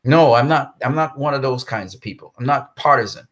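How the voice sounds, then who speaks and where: A man's voice: medium pitch, a little fast, fairly bright tone. A man delivering a blunt, profane movie-commentary rant, repeating himself for emphasis. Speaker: commentary host. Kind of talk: ranting film commentary vlog.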